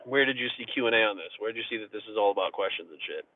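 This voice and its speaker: A man's voice: fairly low pitch, racing. A man in his forties hosting a live stream, telling a rambling, profane story and answering chat questions in casual talk. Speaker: livestream host. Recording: tinny phone-like audio, dry.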